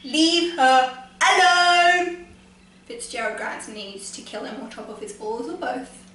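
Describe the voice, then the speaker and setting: A woman giving a rambling, gushing fan review of a TV episode, excited and often laughing. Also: high voice, takes it slowly. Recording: echoey room from far off, faint noise.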